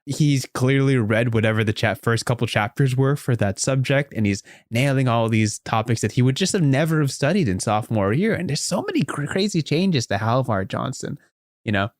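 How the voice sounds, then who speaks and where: A man hosting a podcast, improvising a story aloud in an animated way with frequent restarts. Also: medium pitch, fairly quick, dry recording, studio quality. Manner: animated, with many restarts and fillers. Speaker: podcast host.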